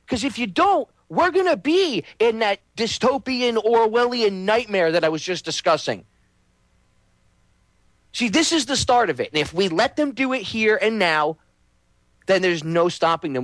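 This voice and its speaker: A high-voiced man delivers a heated political rant, hammering listeners with repeated rhetorical questions. His voice sounds close and dry, with no room around it. He speaks as the host of his own show. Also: very animated, normal speed, a bit bright, dry recording.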